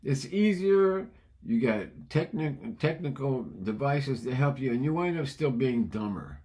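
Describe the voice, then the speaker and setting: A man in his seventies, ranting with indignation and repeating himself as he goes. His voice sits at an ordinary middle pitch. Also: animated, moderate pace, darkish tone. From United States. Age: 70s. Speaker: vlogger. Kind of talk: opinionated monologue.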